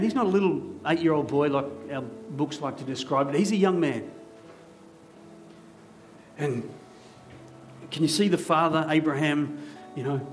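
Storytelling pastor, slightly high voice. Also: male voice. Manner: vivid storytelling with dramatic pauses. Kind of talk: sermon. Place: church hall.

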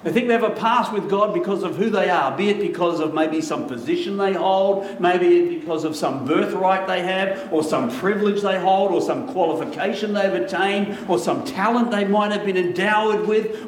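A male pastor delivers an emphatic sermon, often slowing down and repeating phrases to drive them home. His voice sits high for a man. It rings through a roomy hall, caught by a mic set some distance away, with a faint hiss underneath.

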